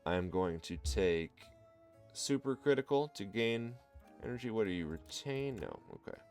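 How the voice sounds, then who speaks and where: A man with a Midwestern accent, casually commenting on his own card game run and thinking out loud to viewers. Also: on the low side, lively intonation, normal speed, faint music behind. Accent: American Midwest. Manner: thinks aloud, explains card choices to viewers. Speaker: gameplay commentator. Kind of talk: relaxed let's-play commentary.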